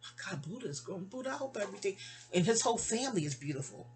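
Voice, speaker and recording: A woman's voice: animated, fast, a little mellow, soft background music. Rambling storyteller woman from New York. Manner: rambling, with asides and self-corrections; acts out remembered dialogue with raised pitch. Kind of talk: casual personal storytelling.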